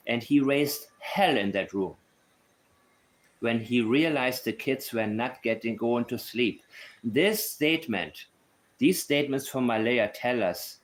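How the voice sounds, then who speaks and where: Brief: male commentator, blunt and opinionated, mid-pitched voice, talks off the cuff. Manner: blunt, opinionated, thinks aloud. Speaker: true crime commentator. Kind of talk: casual commentary.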